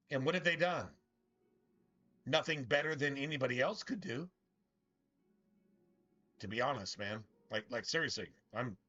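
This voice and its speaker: A man's voice: a little high, sharp tone, muffled recording. Bitter, profane man ranting over gameplay. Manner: profane, bitter, rambling with many restarts. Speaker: gaming streamer.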